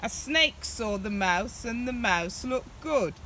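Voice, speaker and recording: Woman, parent reading a picture book aloud, rhythmic, slightly high voice. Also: expressive, slow, slight background noise. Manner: loud, rhythmic storytelling.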